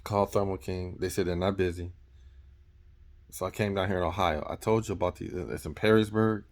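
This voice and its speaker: A man's voice: sits low, fairly even intonation, brisk, darkish tone. A man, a truck driver, telling a rambling story in a casual vlog and often correcting himself as he goes. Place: in or near his truck.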